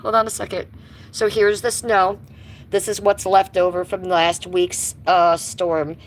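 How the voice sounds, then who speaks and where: A woman's voice: medium pitch, level tone, unhurried. Blunt, sweary woman livestreaming from a phone. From Cleveland, US. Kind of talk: casual livestream chat, reading chat aloud. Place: at home, stepping outside in the cold. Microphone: phone held by hand.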